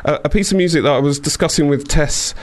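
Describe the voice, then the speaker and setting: A man's voice: a little high, fast talker. A man of forty hosting a casual podcast chat, rambling with lots of fillers and restarts. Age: 40s. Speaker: podcast host.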